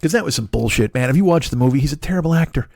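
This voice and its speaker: A man in his forties rants through a comic monologue, swearing freely and circling back on himself. He talks fast with a lively pitch that jumps high and low. The sound is dry and close. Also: creaky, dry recording. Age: 40s. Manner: profane, animated, rambling with restarts. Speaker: comedian podcast host.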